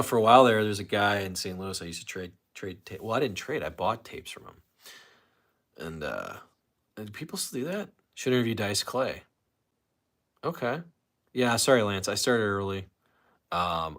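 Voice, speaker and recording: Low-voiced man rambling through a live stream. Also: a bit bright. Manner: rambling, reads chat comments aloud, frequent restarts. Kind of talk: casual live stream chat.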